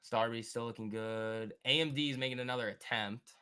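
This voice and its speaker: A man hosting a live stock trading stream, thinking aloud and answering chat in an excitable, quick way. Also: medium pitch, smooth. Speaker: stock trading livestream host. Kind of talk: live market commentary reading chat.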